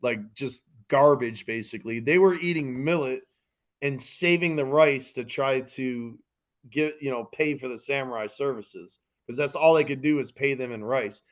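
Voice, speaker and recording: A man co-hosting a casual podcast chat, animated and acting out the scenes he retells. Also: mid-range voice, normal speed, dull audio. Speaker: podcast co-host.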